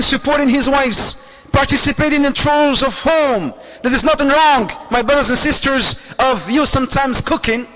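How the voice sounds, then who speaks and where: A male preacher with a fairly high voice gives an animated lecture. He acts out little scenes and raises his voice suddenly. It is a muffled recording with long echo from a big hall. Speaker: Islamic preacher. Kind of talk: lecture to an audience.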